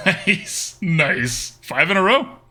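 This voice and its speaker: A man's voice: fairly high pitch, big pitch swings, very slow, bright, forceful tone, soft background music. A young man from Texas giving playful, jokey live-streamed commentary on a card game as a streamer, now and then bursting into cheers.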